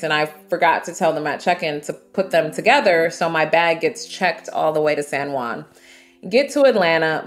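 A woman with a very low voice tells travel stories as an interview guest. She is from the United States and recounts events in an animated, vivid way. Soft music plays faintly underneath. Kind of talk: storytelling in an interview.

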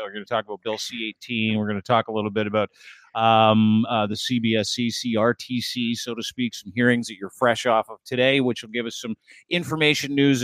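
A man's voice: mid-range voice, no room sound. A man hosting a casual podcast chat, rambling with many fillers. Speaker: podcast host.

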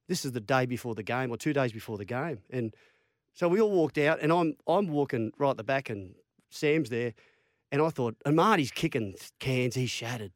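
A man's voice: medium pitch, a little fast, no room sound, studio quality. A man in his fifties with an Australian accent, a former footballer telling stories in an interview, acting out quotes and laughing at his own tales. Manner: animated yarn-spinner, acts out quotes, laughs at own stories. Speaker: former rugby league player, interview guest. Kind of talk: storytelling interview chat.

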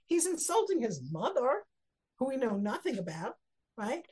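A woman's voice: high-pitched, big pitch swings, normal speed. A woman teaching a text study class, reading verses aloud and then explaining them, acting out the quotes with rising emphasis. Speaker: Torah teacher.

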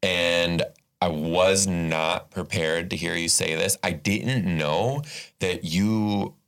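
A man's voice: low voice, slow pace, a bit bright. A man co-hosting a casual podcast, bluntly teasing and interrupting with questions. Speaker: podcast co-host.

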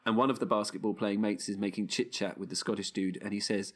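A man's voice: lowish voice, flat delivery, fast talker, hardly any pauses. A man co-hosting a casual film podcast, talking in a wry, rambling way and often breaking off mid-sentence. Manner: wry, rambling, self-interrupting. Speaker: podcast co-host.

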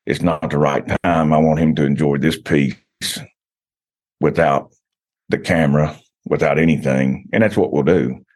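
Deep-voiced rambling man. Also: fairly even intonation, normal speed, a little mellow. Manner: rambling, storytelling with many restarts and "you know". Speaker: podcast guest, hunter. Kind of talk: casual podcast chat.

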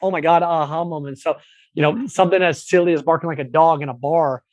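Fast-talking man, animated storyteller. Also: on the high side, dry recording. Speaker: podcast guest, entrepreneur. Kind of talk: casual interview talk.

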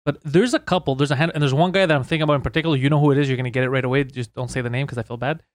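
A man, a comedian, telling stories in casual chat, animated and swearing, acting out what people said. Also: medium pitch, no echo, clean studio sound. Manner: fast, animated storytelling with acted-out quotes and swearing. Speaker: comedian and podcast host.

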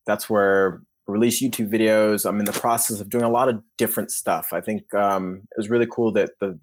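A man, a tennis coach, talking casually as a podcast guest in a loose, rambling way. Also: on the low side. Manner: relaxed, rambling, acts out inner voices.

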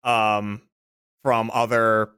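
A man's voice: lowish voice, very slow, smooth, no room sound, clean studio sound. A man chatting casually on a podcast, telling a story with lots of laughter. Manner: animated storyteller who laughs mid-sentence. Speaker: podcast regular. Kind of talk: casual chat.

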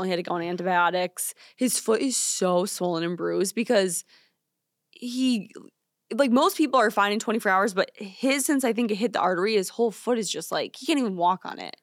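A young woman co-hosting a podcast tells a story on a studio mic, animated and casual, saying "like" a lot and acting out quotes. Her voice is medium-pitched and the recording is dry.

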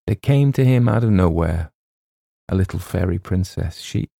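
A man voicing an awkward, reluctant young gentleman who talks in a faltering, sheepish way. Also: low voice, animated, normal speed, vocal fry, no room sound, clean studio sound, heavily acted. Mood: storytelling.

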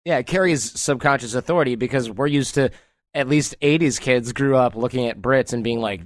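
A man's voice: mid-range voice, a little fast, no echo, studio quality. A man hosting a casual podcast conversation, chatty and storytelling, laughing easily. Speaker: host.

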